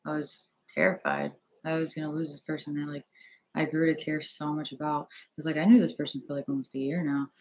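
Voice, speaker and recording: The audio is rough on this clip of a young vlogger recording at home on an earphone headset. His voice sits on the high side and sounds gravelly and slightly rough. He talks nervously, stumbling through a rambling, filler-packed account and often starting over.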